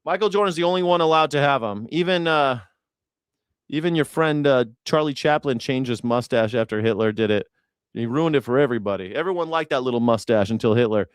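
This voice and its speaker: A man's voice: medium pitch, a little fast, clear, resonant tone, no echo, clean studio sound. A man hosting a news reaction show, ranting sarcastically with profanity.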